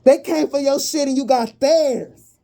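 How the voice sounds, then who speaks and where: With a high, gravelly voice and a measured pace, a woman reads tarot and energy for her viewers. Her talk is animated and slangy, with sudden whoops of excitement.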